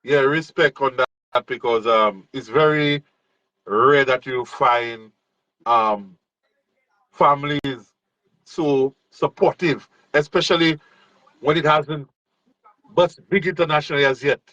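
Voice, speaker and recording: A man hosting a casual interview from overseas, speaking in a relaxed, encouraging way with frequent restarts. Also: medium pitch, slow, long pauses, no echo, muffled recording. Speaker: host. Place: overseas, remote.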